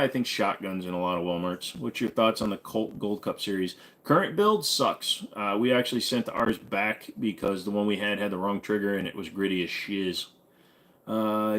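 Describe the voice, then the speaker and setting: A young American man hosts a live stream with a fairly low voice. He reads viewer comments aloud and answers in a relaxed, joking drawl, often padding his replies with "uh." It sounds like loose, unscripted chat. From United States. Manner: laid-back, joking, drawling with frequent "uh" fillers. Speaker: host.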